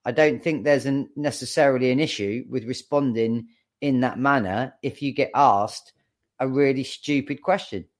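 Male co-host, mid pitch, argues bluntly, swears freely. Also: moderate pace. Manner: forthright, sweary, argumentative. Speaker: podcast co-host. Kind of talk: casual sports chat.

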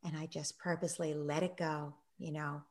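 A middle-aged woman telling a story in a conversation, acting out quoted voices and sinking to a soft near-whisper in reflective moments. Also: sits low, little pitch movement, moderate pace. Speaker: guest, parenting author.

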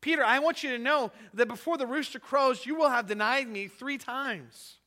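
A man voicing Jesus as a grave, calm teacher who gives an earnest, measured warning. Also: very high-pitched, pitched above the performer's own voice.

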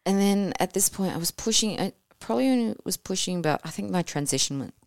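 A woman telling her birth story as a podcast guest, animated and casual, swearing freely and acting out what she said at the time. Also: mid-range voice, fast, vocal fry, dry recording, studio quality. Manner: animated, swears casually, acts out her own past words.

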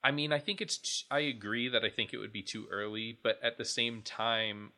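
A man's voice: medium pitch, steady tone, normal speed, pushed and bright. A man chatting casually on a podcast, rambling and restarting his thoughts as he goes. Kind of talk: casual chat.

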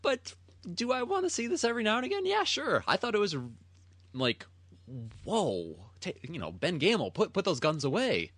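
A man's voice: high-pitched, wildly swooping pitch, moderate pace, fairly bright tone, dry recording. A man co-hosting a sports podcast, chatting casually and telling stories with enthusiasm and easy laughter. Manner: enthusiastic storyteller, laughs easily. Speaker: podcast co-host. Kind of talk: casual chat.

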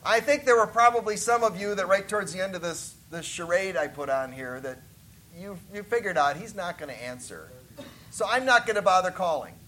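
A man's voice: sits high, expressive, brisk, pushed and bright. A man preaching as a missionary, folksy and joking as he tells stories from the pulpit. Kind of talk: sermon with stories.

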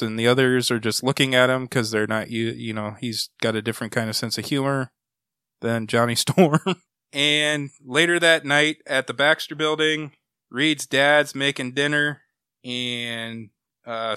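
A man's voice: medium pitch, sharp tone, clear, resonant tone, dry recording, studio quality. A man co-hosting a comic book podcast, casually recapping a story in a rambling way and acting out quotes as he goes. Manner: rambling plot summary with acted-out quotes.

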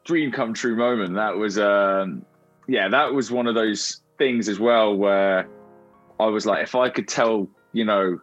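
A man's voice: on the low side, unhurried, fairly bright tone, muffled recording, faint music behind. A man being interviewed as a musician guest, talking in a friendly, rambling way full of fillers. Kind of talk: casual interview chat.

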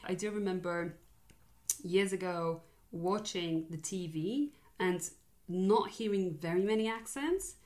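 A young woman in her twenties chatting casually, thoughtful and halting, with many fillers and restarts. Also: fairly low pitch, a little mellow. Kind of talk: casual chat.

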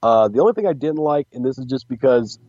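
A man co-hosts a casual wrestling podcast, rambling and joking as he goes. His voice is mellow and dark. The recording sounds dry and slightly dull. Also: mid-range voice, lively intonation, quick pace, no echo. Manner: joking, rambling with restarts and giggles. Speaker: podcast co-host.

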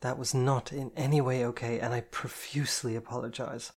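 A man reading the part of a remorseful woman who speaks earnestly, apologizing in halting phrases. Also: medium pitch, level tone, darkish tone, natural voice. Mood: earnest apology. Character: remorseful woman, a caring dominant partner. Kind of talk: audiobook character voice.

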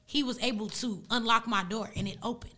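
A young woman whose first language is Arabic tells a story casually and with energy, her speech full of slang. Her voice sits fairly high and sounds bright and sharp. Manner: animated, slangy, fast retelling.

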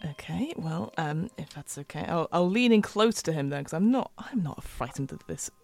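A woman playing her character in a tabletop role-playing game, animated and giggly as she talks. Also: low voice, moderate pace, creaky, dry recording, faint music behind. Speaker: player.

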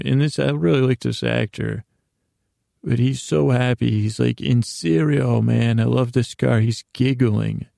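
A man's voice: medium pitch, warm tone, dry recording, studio quality. A man rambling through a casual recap of a show he watched, often correcting himself and reading from his notes. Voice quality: gravelly. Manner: meandering, self-correcting, reads his notes aloud. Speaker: podcast host recapping a show.

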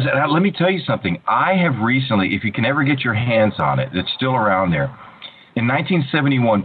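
A man in casual interview chat, an animated storyteller who often restarts his sentences. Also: lowish voice. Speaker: voice actor guest. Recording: tinny phone-like line with faint hiss.

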